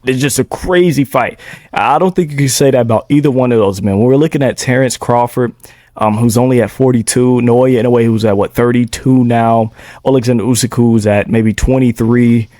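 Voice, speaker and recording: A young man co-hosting a podcast in a casual sports debate, talking in a laid-back, measured way and dropping in "bro" and "man". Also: mid-range voice, fairly even intonation, dark tone, no room sound, clean studio sound. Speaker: podcast co-host.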